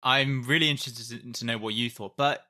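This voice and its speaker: A man's voice: mid-range voice, steady tone, brisk, sharp tone. A man co-hosting a film podcast, talking in a thoughtful, hedging, casual way. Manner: thoughtful, hedging, many restarts. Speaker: podcast co-host. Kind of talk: casual film-review chat.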